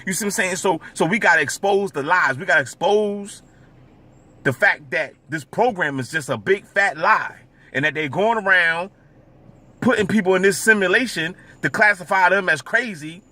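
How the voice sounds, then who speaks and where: A man's voice: high-pitched, brisk, pushed and bright. A man vlogging in a casual, rambling monologue, with stammering repeats and constant filler asides.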